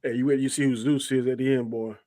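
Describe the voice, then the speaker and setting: A man with a middle-pitched voice joins a casual podcast chat. He talks in folksy slang and drags out his punchlines for emphasis. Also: fairly even intonation, fast talker, warm tone. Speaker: podcast co-host.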